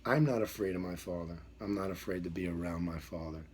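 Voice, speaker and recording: A man's voice: deep voice, quick pace, darkish tone, slight background noise. A middle-aged man, a dog trainer, telling a story in an emphatic, repetitive way and acting out the voices in it. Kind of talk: storytelling monologue.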